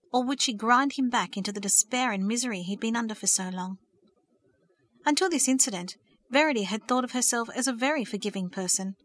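Bright-voiced woman narrating a story. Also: fairly high pitch. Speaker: audiobook narrator. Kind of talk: scripted narration.

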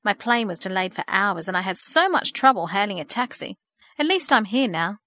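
A woman reading as an effusive, warm-hearted aunt from a storybook, bubbling with enthusiasm and lifted up in pitch. The recording is close and dry, with no room sound. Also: animated, normal speed, dry recording. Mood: gushing. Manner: gushing, enthusiastic.

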